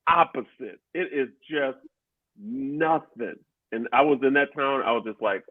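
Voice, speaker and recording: A man's voice: mid-range voice, a little slow, no room sound. A man who is a standup comic, talking in casual chat with an emphatic, repetitive manner. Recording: dry phone-like line.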